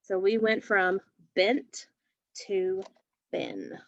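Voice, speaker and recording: A woman teaching phonics to young children, slowly and patiently sounding out each letter. The recording is dry and a little dull. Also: mid-range voice, sing-song, no echo.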